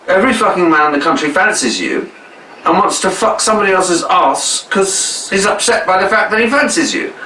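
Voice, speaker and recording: A man's voice: sits high, big pitch swings, a little fast, pushed and bright, slight background noise. Gushing, theatrical man in echoey room. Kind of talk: effusive documentary talk. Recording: roomy echo, faint ambience.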